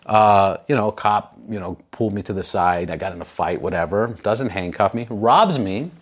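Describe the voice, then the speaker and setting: A man's voice: fairly low pitch, moderate pace. A man in his thirties hosting a casual talk show, telling stories animatedly with plenty of swearing and acted-out quotes. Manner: animated, profane, acts out quoted people. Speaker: podcast host. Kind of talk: casual storytelling.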